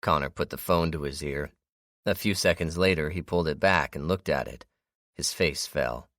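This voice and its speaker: A man giving expressive scripted audiobook narration on a close mic. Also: very deep voice, moderate pace, no room sound. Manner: expressive storytelling.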